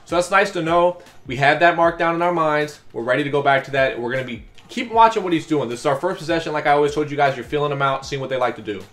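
A man giving live commentary over his own football video game, talking strategy to viewers and yelling at big plays. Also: on the high side, fast, few pauses. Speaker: gaming YouTuber.

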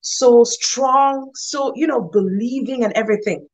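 A woman hosting a live-stream talk show, chatting lively with viewers and greeting them by name. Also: a little high, unhurried, rough recording.

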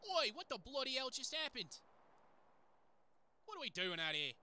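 A man's voice: very high-pitched, big pitch swings, normal speed, sharp tone, voice pushed up, exaggerated voice. Man doing a cocky young Aussie woman, game character, slangy and cheeky. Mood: startled. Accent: put-on Australian. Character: brash young female Australian adventurer.

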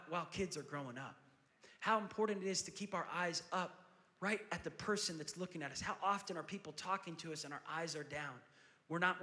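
A man in his thirties preaching a sermon as pastor, telling a story and then building to loud preaching. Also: fairly high pitch. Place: large church auditorium. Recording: long hall reverb.

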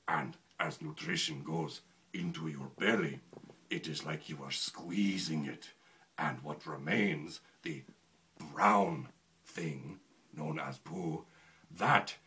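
A formal, earnest schoolteacher with an extremely deep voice, as a man puts him on. He speaks slowly, in stiff, carefully chosen English, with a forceful, bright edge to his tone. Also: exaggerated voice. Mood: earnest, lecturing. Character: formal Japanese male teacher, very deep voice.

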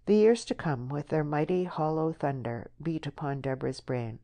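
A woman narrating an audiobook novel in a measured, expressive storytelling manner. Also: low-pitched. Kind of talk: scripted narration.

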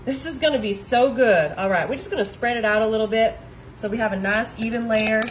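A woman's voice: on the high side, fairly quick, background noise. A woman hosting a casual cooking demonstration, chatty and enthusiastic. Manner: chatty and enthusiastic, often saying "y'all". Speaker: cooking video host.

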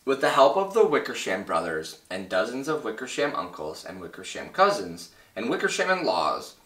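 A big, bossy storybook kangaroo who snaps and scolds at everyone, with a man putting her on as he reads aloud. The voice is bright and lively, and the sound is roomy and distant. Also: mid-range voice, normal speed. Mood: scolding. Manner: snappish, scolding.

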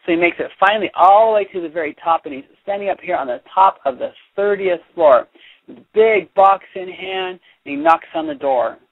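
A man reading a children's picture book aloud as a teacher, chatty and animated, stopping to explain. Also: sits high, brisk, dry recording. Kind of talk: read-aloud storytelling with commentary. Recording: dry, tinny phone-like sound.

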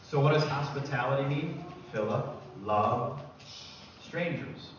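A man preaching a sermon as pastor, emphatic, building to loud repeated declarations. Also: medium pitch, a little slow, a little hiss or hum. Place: church sanctuary. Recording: echoey church from a distance.

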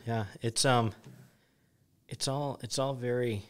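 Halting young man discussing film. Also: medium pitch, steady tone. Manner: halting, many restarts, then reads verse aloud. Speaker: podcast co-host. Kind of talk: casual chat about film.

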